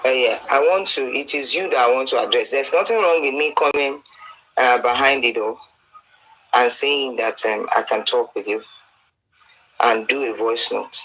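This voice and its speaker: A man's voice: mid-range voice, normal speed, a bit bright, slight background noise, rough recording. A man with a Nigerian Yoruba accent earnestly exhorting and pleading, quoting the Bible and telling stories. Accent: Nigerian, Yoruba-speaking. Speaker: preacher addressing a campaigner. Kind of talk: exhortation mixing English and Yoruba.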